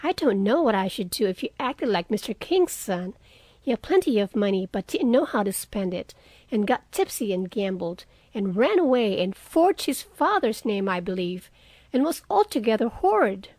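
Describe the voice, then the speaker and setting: A woman's voice: mid-range voice, sing-song, moderate pace, a little mellow, dry recording. A woman voicing a frank, spirited young woman in an audiobook reading, earnest and outspoken.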